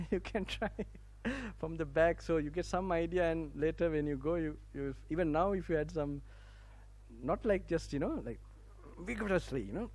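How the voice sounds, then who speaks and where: A man's voice: a little high, a little slow, darkish tone, poor audio. A man from Sri Lanka speaking English with a Sri Lankan accent, a Buddhist monk giving a Dhamma talk to an audience on a campus. He talks chattily and informally, laughs often and restarts broken phrases as he guides listeners through relaxation. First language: Sinhala. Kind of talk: sermon with guided relaxation instructions. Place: university campus hall, live audience.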